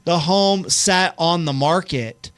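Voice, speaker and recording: A woman co-hosting a casual real estate podcast, telling stories in a playful, quick way. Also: on the low side, soft background music. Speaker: podcast co-host.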